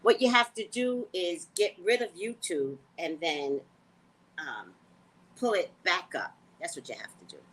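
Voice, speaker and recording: A woman hosting a casual livestream, talking to her viewers in a blunt, profane, animated way. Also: lowish voice, unhurried, breathy edge, rough recording. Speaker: psychic reader and livestream host.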